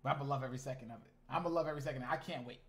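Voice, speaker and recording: A man in his thirties chatting casually on a live stream, animated and slangy, talking straight to his chat. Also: medium pitch, very fast.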